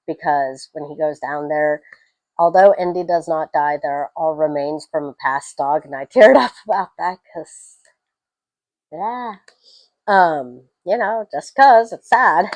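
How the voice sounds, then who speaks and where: Lady rambling about a movie she saw, kinda low voice, dry close sound, laughs a lot. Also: dry recording, low-quality recording. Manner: chatty and emotional, laughs often. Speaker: film reviewer. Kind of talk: casual spoken film review.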